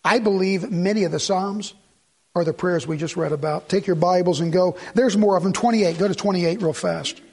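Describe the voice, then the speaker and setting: High-voiced preacher asking rhetorical questions. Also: male voice, moderate pace, gravelly, darkish tone. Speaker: pastor. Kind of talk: sermon.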